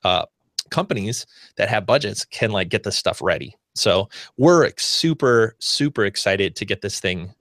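Man, American, podcast host, bright forceful voice, dry close sound, rambling casual talk. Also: lowish voice, expressive, normal speed, no room sound. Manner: rambling, frequent restarts and fillers.

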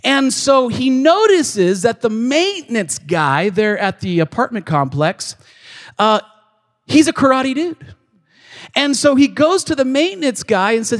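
A man's voice: very high voice, sing-song, unhurried. A male pastor preaching a sermon in a church, telling a story animatedly and acting out its scenes. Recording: long reverb of a large hall.

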